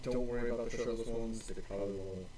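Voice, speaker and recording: A man's voice: medium pitch, steady tone, fast talker, dark tone, slight background noise. A man playing in a tabletop game, joking in an offhand way. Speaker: player. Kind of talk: casual tabletop banter.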